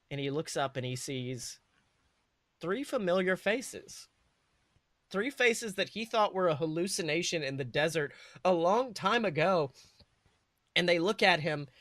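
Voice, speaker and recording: A man's voice: a little high, unhurried, long pauses, fairly bright tone, no room sound. A young man hosting a podcast, rambling through a comedic fan-fiction retelling with fillers and self-corrections. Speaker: podcast host.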